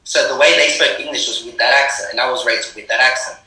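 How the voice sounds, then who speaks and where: A man's voice: medium pitch, fairly even intonation, fast, bright, forceful tone, distant mic. A young Australian man, a rapper, talking earnestly in a casual interview, repeating words to stress his points. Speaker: rapper guest. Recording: roomy sound from off-mic.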